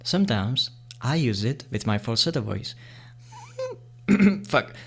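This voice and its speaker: A man walks beginners through beatbox sounds in a loose, chatty tutorial. His voice sits at an ordinary, middle pitch. He talks playfully and gets excited easily, breaking into laughter. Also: moderate pace, slight background noise. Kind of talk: casual tutorial explanation.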